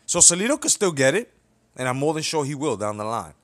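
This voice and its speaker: A young man hosting a boxing commentary channel launches into a blunt, heated rant full of profanity, constantly checking in with "you know what I'm saying." His voice is a little high, very animated, and fairly bright, and he talks fast.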